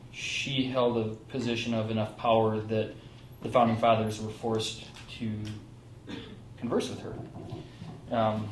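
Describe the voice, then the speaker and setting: A man casually introducing a reading at a live event, chatty and halting with many ums and asides. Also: mid-range voice, a little hiss or hum. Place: small theatre stage with audience. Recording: roomy live room, mic at a distance.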